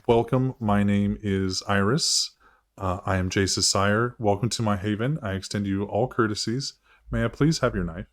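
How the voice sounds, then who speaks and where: A man's voice: on the low side, lightly acted. A man voicing Iris, a polite vampire sire. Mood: polite, insistent. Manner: courteous, measured, insistent. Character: formal older female vampire sire, cool and polite. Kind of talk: tabletop role-play character voice.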